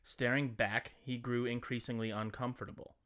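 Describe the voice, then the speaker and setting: A man's voice: medium pitch, little pitch movement, normal speed, fairly bright tone. A man co-hosting a podcast, reading a scary story and bantering in a joking, crude, playful way. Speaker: podcast co-host.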